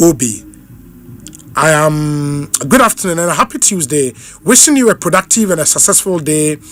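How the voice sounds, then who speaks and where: Ghanaian radio host reading listener shout-outs. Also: male voice, fairly high pitch. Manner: reads out names and greetings briskly, repeats phone numbers slowly; mixes English with Twi. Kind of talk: live radio talk show, reading listener messages.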